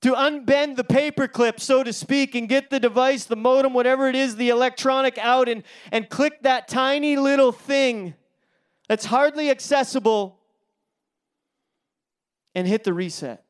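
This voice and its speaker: A man's voice: extremely high pitch, moderate pace, clear, resonant tone. A male pastor preaching a sermon, telling a story in a chatty way with fillers and restarts.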